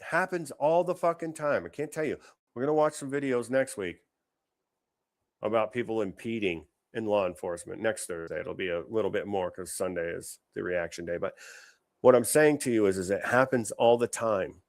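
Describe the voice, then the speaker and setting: A man's voice: on the low side, moderate pace. Ranting, profane male show host. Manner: angry, profane, ranting, mocking. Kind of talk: profane reaction commentary.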